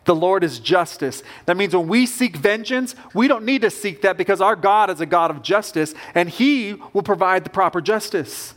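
A man's voice: high-pitched, normal speed, hardly any pauses, a bit bright. A man preaching a sermon as pastor, earnest and emphatic, with rising bursts of conviction.

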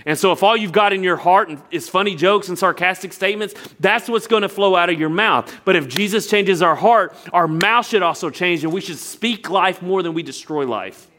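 A man's voice: sits high, normal speed, hardly any pauses. A young adult man, preaching a sermon with storytelling and earnest appeals. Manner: storytelling, animated impressions of others, earnest. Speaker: pastor.

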